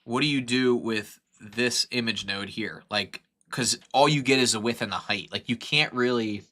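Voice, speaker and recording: A young man thinks out loud through a live-stream tutorial, his voice bright and forceful. He rambles and corrects himself constantly, full of fillers, and gets excited as he works. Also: medium pitch, normal speed. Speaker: streamer teaching 3D modeling.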